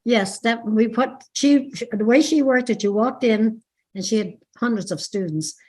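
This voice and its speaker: A woman's voice: a little high, moderate pace, a little mellow. An older woman with a Dublin Irish accent, chatting as an interview guest about her past and often correcting herself mid-sentence. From Ireland. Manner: chatty, meandering, self-correcting. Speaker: interview guest, dance teacher. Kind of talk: reminiscing interview.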